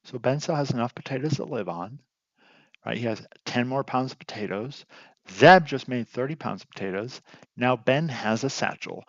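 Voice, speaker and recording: A man's voice: medium pitch, animated, moderate pace, dry recording, lo-fi sound. A man teaching an informal lesson, telling a story and acting out its characters, with many fillers and restarts. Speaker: real estate investing teacher.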